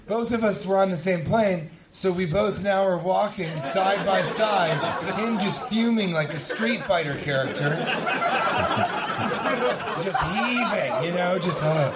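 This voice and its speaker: Animated man telling comic stories live. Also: fairly high pitch, a little slow, heavy background noise. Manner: animated anecdote telling, acting out others, laughing often. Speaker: comedian podcast co-host. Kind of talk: live comedy podcast storytelling. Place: live venue stage. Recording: live show with loud crowd laughter.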